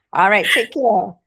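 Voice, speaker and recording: A woman's voice: on the high side, bright, forceful tone, husky. A woman doctor hosting a webinar over a video call, talking in an encouraging, casual way and often repeating a word as she starts a thought.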